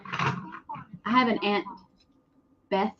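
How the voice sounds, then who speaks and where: A woman co-hosting a morning radio show, chatty with quick asides in casual banter. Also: medium pitch, highs cut off, slight background noise.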